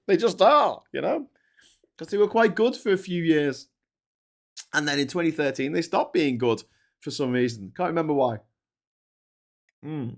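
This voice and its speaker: A man hosting a show, ranting in casual, heavily sweary commentary. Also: a little high. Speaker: host.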